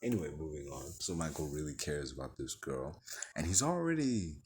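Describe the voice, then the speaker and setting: A man's voice: very deep voice, big pitch swings, fairly quick, a little mellow, husky. A man giving a rambling, profane spoken movie review and acting out characters' lines as he goes.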